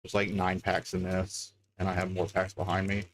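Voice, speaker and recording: A man's voice: deep voice, monotone, normal speed, a bit bright. Chatty man streaming from his desk. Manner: chatty, thinks aloud, reads card names as he goes. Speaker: livestreamer opening card packs. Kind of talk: casual livestream chatter. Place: home desk.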